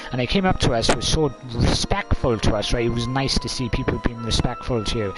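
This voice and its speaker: A man's voice: medium pitch, animated, fairly quick, low-quality recording. A man, chatting casually on a live stream in a rambling, blunt way, swearing freely and calling listeners "mate". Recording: talk over clear background music.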